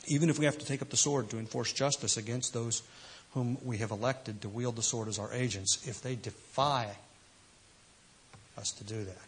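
A man's voice: mid-range voice, normal speed, a little hiss or hum. A man preaching a sermon, emphatic and full of rhetorical questions. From United States. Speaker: pastor.

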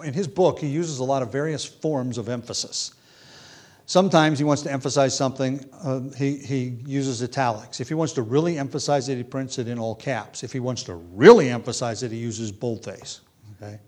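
A man's voice: medium pitch, darkish tone. A man preaching an expository Bible lesson, explaining step by step with small fillers and restarts, and reading quotations aloud with rising emphasis.

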